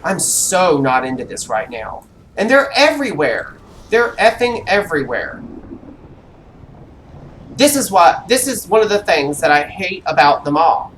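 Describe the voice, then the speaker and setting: A streamer giving live commentary on an online role-playing game, grumbling and talking to themselves with quick reactions. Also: mid-range voice, very animated, fairly bright tone, a little hiss or hum.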